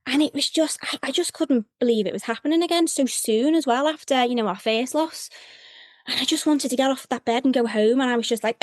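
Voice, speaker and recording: A woman's voice: high voice, brisk, no room sound. Woman, thirties, candid emotional storytelling, plenty of fillers, dry close sound. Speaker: guest sharing her fertility story. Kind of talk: personal storytelling.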